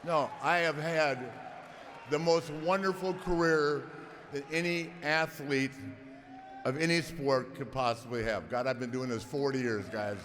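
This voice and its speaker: A man's voice: mid-range voice, steady tone, moderate pace. A man in his sixties giving a rambling, emotional acceptance speech full of stories, stammering and laughing, close to tears. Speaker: hall of fame inductee. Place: large arena hall before an audience. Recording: long hall reverb, crowd noise.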